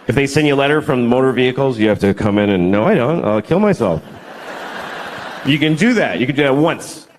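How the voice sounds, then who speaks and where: A man in his forties doing stand-up comedy, deadpan, dark and profane. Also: medium pitch, quick pace, a little hiss or hum. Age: 40s. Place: stage in a comedy venue.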